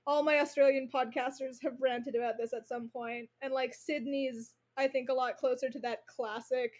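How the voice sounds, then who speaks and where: A woman's voice: high-pitched, steady tone, normal speed, a little mellow. A woman co-hosting a podcast, rambling casually with lots of fillers. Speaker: podcast co-host. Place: home, recorded remotely.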